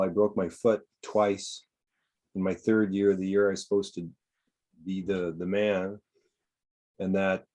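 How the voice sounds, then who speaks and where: A man sharing in an earnest, halting way, often repeating himself. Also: low voice, darkish tone. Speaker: participant. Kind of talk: casual personal sharing.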